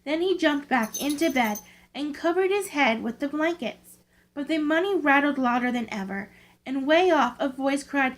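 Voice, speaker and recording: A woman reading scary stories aloud from a book in a slow, careful storytelling way. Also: sits high, poor audio. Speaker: channel host, story reader.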